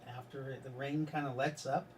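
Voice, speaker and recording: Soft-spoken hesitant game master. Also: medium pitch, steady tone, moderate pace. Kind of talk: narrating a tabletop game. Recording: distant mic, faint hiss.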